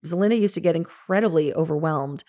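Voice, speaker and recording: A woman in her fifties, an interior designer and coach, telling stories from her career in an animated way, laughing often and acting out what she said to others. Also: sits low, fast. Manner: animated, laughs often, quotes herself in lively asides. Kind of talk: casual storytelling.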